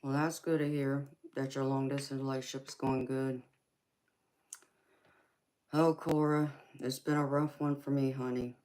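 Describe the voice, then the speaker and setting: A woman's voice: very deep voice, flat delivery, unhurried, long pauses, a little mellow. A middle-aged woman with a Southern US accent, hosting a casual livestream and answering viewer comments, calling people sweetheart and honey. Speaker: tarot reader and livestream host.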